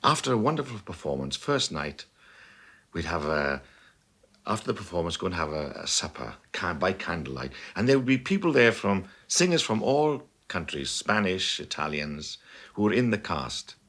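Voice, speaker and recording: A man's voice: low voice, moderate pace. An older man with a Welsh accent, an opera singer reminiscing expansively and emphatically in an interview. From Wales. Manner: expansive and emphatic, lively storyteller. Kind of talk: reflective interview talk.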